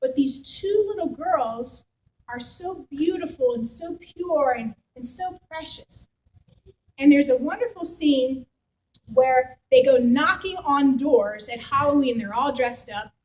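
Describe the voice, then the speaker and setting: A woman pastor giving a sermon in a church, telling stories in a lively, conversational way with the congregation. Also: sits high, slow, rough recording. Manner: animated storytelling, conversational with congregation.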